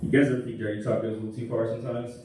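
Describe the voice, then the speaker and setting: A young man doing crude, rambling stand-up comedy with deadpan asides. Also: medium pitch, rapid-fire. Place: comedy club stage. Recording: echoey room, distant mic, noisy.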